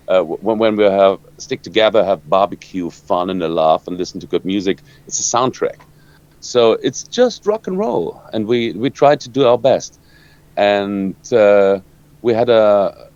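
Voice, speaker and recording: German-accented man, halting and low. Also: darkish tone, dry recording. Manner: halting, searching for words, many restarts. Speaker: rock guitarist. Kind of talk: interview answers. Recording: dull lo-fi dry sound.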